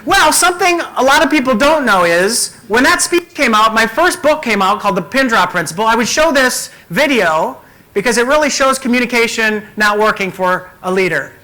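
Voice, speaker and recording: A man giving a conference keynote as a communication coach, talking in an energetic, emphatic way. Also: extremely high pitch, normal speed, low-quality recording.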